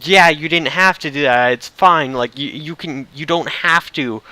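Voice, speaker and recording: A man's voice: a little high, a little slow, pushed and bright, no echo, low-quality recording. A man voicing a defiant, exasperated young female warrior from a game. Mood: insistent. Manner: exasperated, emphatic.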